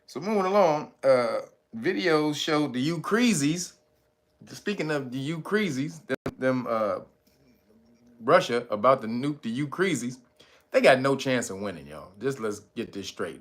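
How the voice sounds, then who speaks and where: A man hosting a commentary show, talking about the news in a loose, slangy, joking way and often breaking into laughter. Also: medium pitch. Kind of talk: casual profane news commentary.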